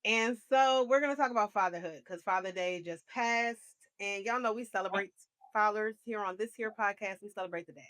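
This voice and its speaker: A woman's voice: medium pitch, a little fast, a bit bright. A woman co-hosting a podcast, introducing guests and chatting in an upbeat, welcoming way. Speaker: podcast co-host. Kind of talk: casual chat.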